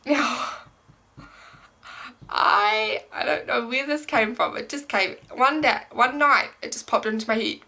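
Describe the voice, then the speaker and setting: Bright-voiced young woman vlogging with many ums. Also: a little high, unhurried. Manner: rambling, many ums and likes. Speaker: pregnancy vlogger. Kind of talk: casual pregnancy update vlog.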